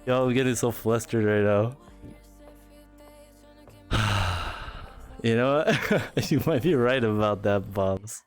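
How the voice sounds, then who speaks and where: A young man livestreaming, dancing in VR while chatting to viewers, out of breath, giggly and animated. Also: on the low side, takes it slowly, long pauses, faint music behind. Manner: chatty, giggly, animated, reads chat aloud. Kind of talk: casual live-stream chat.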